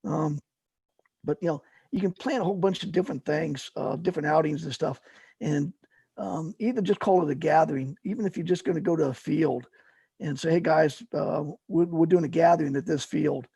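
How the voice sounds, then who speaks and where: Middle-aged man, casual storyteller, gravelly and husky, loose rambling delivery. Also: fairly high pitch, a little fast, warm tone, dry recording. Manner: rambling, lots of fillers and restarts. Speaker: guest, paramotor fly-in organizer.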